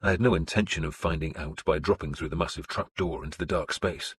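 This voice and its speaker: A man narrating an audiobook in the first person with a steady, measured delivery. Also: extremely low pitch, breathy edge.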